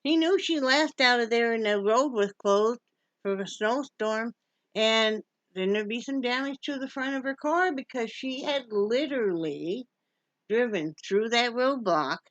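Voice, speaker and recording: A woman's voice: a little high, lively intonation, measured pace, no room sound. A woman from Wyoming in a casual home vlog, chatty and joking and cooing at her dog. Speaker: vlogger. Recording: dull lo-fi sound.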